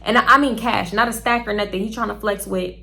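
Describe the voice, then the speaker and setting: A young woman vlogger telling a story in a blunt, profane, animated way. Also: medium pitch, quick pace, vocal fry. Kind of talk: casual storytelling.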